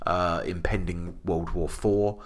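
A man's voice: deep voice, fairly even intonation, slow. A man hosting a casual podcast, rambling through fillers and laughing often. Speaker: podcast host. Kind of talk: casual chat. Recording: noisy home podcast recording.

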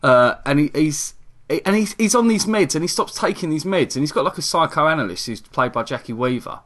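Guy rambling about a movie, kinda high voice, bouncy, laughs a lot. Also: brisk. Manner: animated, laughs a lot, many restarts. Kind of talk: casual chat.

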